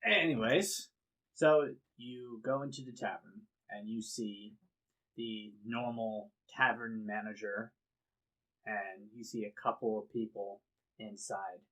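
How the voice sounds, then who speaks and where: A man narrating a tabletop game as game master, easygoing and halting, with fillers as he describes the scene. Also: lowish voice, steady tone, fairly bright tone.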